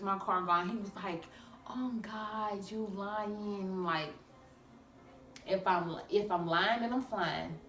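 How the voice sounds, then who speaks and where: Animated young woman vlogger, echoey room. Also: mid-range voice. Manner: animated, chatty, addresses viewers as y'all. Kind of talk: storytime vlog. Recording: echoey room, a bit far from mic.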